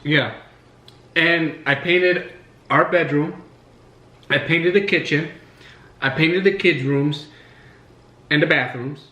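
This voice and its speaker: A man's voice: a little high, slow pace, pauses often, sharp tone. Rambling man chatting in an echoey room. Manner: rambling, filler-heavy storytelling. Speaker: host. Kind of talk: casual chat while eating. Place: living room at home. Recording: echoey room, faint music.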